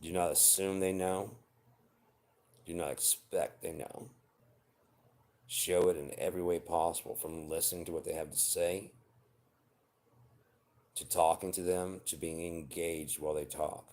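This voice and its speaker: Deep voiced guy in his 40s, blunt and sweary but earnest, just talking to camera. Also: fairly even intonation, unhurried, pauses often, a little mellow. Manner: blunt and profane, earnest advice. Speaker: vlogger. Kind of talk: unscripted personal monologue.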